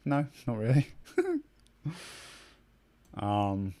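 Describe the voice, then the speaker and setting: A man's voice: mid-range voice, huge pitch swings, very slow, mellow. A young man chatting casually with his stream viewers, rambling, swearing a lot and laughing often. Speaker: gaming streamer.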